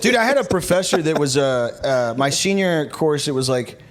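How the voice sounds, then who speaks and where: A man's voice: fairly high pitch, animated, moderate pace. A young man hosting a podcast, telling rambling comic stories in casual chat with lots of fillers. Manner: rambling storyteller, many fillers and restarts. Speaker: podcast host.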